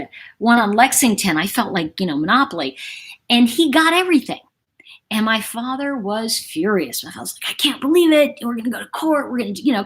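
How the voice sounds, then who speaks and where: A middle-aged woman with a slightly husky voice chats through a long personal story on a livestream. She rambles and turns aside to check on her viewers. Her pitch sits in an ordinary middle range. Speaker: livestream host.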